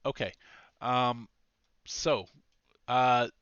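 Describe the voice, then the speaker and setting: Bright-voiced male game master. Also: mid-range voice, very slow, clean tone, dry recording. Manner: relaxed, rambling, with many fillers and restarts. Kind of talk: narrating a tabletop game. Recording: dull, slightly lo-fi mic.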